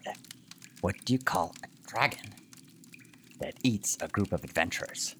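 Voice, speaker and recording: A man's voice: lowish voice, moderate pace, a bit bright, slight background noise, lightly acted. A man voicing a chatty male goblin telling a joke by a campfire. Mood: joking.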